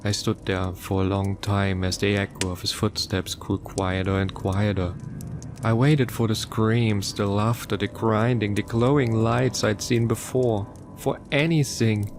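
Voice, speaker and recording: Male horror narrator, low register, somber, measured first-person reading. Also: fairly even intonation, over music. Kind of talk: scripted horror story narration.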